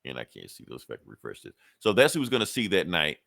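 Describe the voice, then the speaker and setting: A man's voice: deep voice, huge pitch swings, rapid-fire, gravelly, a bit bright, no room sound, studio quality. A man co-hosting a podcast, retelling a comic episode in a loose, rambling, profane way. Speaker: podcast co-host. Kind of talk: casual comic recap.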